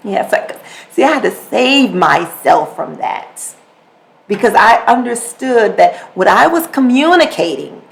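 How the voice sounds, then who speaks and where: A podcast host tells a household story in casual, animated speech, repeating her words and acting out both sides of a quoted conversation. Her voice is mid-range and a little slow, with vocal fry, on a low-quality recording.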